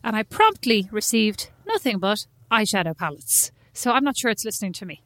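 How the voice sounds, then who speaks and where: A woman's voice: medium pitch, big pitch swings, a little fast, a bit bright, no room sound. A woman with a slight lisp, co-hosting a podcast in rambling, self-mocking casual chat. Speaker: podcast co-host.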